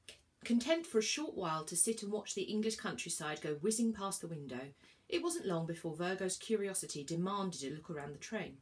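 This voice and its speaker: Woman, children's book read-aloud, expressive storytelling, animated pitch. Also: fairly quick. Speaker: reader.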